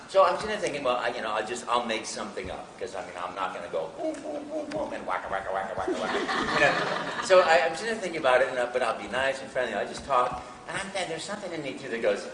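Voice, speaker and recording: An older man and voice actor, telling animated, self-interrupting stories at a live panel in a large hall. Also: medium pitch, noisy background. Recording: echoey hall from far off.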